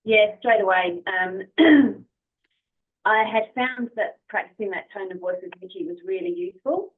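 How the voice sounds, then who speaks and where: A woman's voice: mid-range voice, unhurried. A woman with an Australian accent, a podcast guest talking about her dog in a friendly, enthusiastic way. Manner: friendly, enthusiastic, soft-spoken. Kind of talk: casual interview chat. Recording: phone-like remote call audio.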